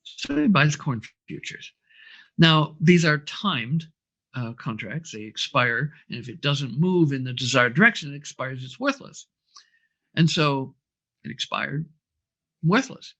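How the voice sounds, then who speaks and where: Guy spinning a long story with lots of uhs and ums, voice a bit high, kinda dull lo-fi sound. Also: sharp tone. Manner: anecdotal, frequent fillers. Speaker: brainwave training instructor. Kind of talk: storytelling interview answer.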